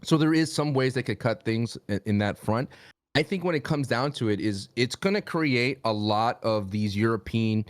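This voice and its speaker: A man's voice: medium pitch, normal speed, no room sound. A man co-hosting a podcast in casual chat, wry and teasing, often asking questions. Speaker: podcast co-host.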